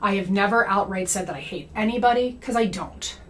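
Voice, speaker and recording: A woman's voice: medium pitch, a little fast, a bit bright, slight background noise. Chatty woman checking in with "okay?". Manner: conversational, frequent "okay?" and "right?" check-ins. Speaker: comedy creator and anti-MLM commentator. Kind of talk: casual monologue to camera.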